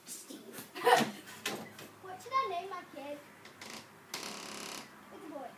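A hyper, excitable child commenting on a life-sim game in a teasing, playful way. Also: extremely high pitch, extremely slow, slight background noise. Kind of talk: let's-play commentary.

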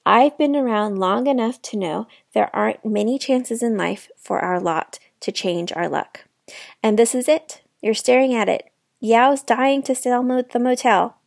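A woman's voice: on the high side, a little slow, vocal fry, no room sound, studio quality. A woman reading aloud, voicing a plainspoken older man who gives frank advice. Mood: earnest. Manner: plainspoken, encouraging. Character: kindly blunt older man, a motel guest.

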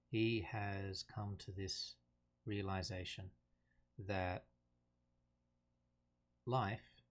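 A man giving an unhurried, thoughtful lesson on a play, reading quotations aloud plainly. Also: on the low side. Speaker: teacher explaining a play. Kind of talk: casual explanatory lesson.

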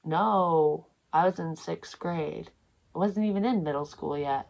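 A woman's voice: low-pitched, unhurried, gravelly, darkish tone. A woman in her thirties telling a personal story in a casual, rambling way, swearing freely and laughing as she goes. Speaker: psychic medium vlogger.

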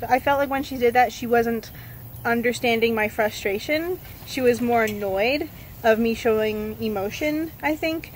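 A woman talks casually to her vlog viewers. She is out of breath, and her fairly high voice comes in halting stretches as she loses her words and starts sentences over. Faint noise sits under the recording. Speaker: vlogger. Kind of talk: casual vlog talking to camera.

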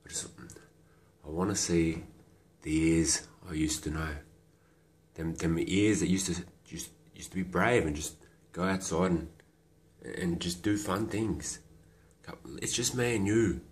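A man doing an absurd comedy monologue, talking in a hushed, coaxing, halting way that often drops to a whisper. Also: low-pitched.

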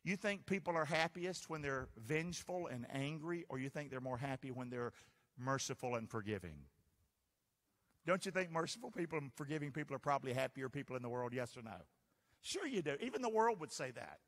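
Animated preacher man in a reverberant church. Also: medium pitch, brisk. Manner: animated call-and-response preaching, asks the crowd to answer. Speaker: pastor. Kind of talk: sermon. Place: church sanctuary.

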